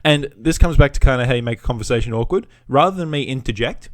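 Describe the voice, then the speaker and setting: A man's voice: mid-range voice, animated, fast, dry recording, studio quality. Sweary man ranting. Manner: swaggering, sweary, mocking. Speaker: podcast host. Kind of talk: profane storytelling rant. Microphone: podcast mic.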